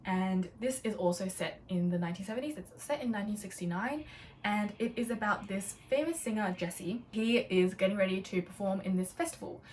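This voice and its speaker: A woman's voice: medium pitch, a little fast, a little mellow. Chatty young woman, bubbly book talk, sits a bit back from the mic, faint hum behind. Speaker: book vlogger. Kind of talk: casual book haul chat. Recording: a little distant from the mic, faint room noise.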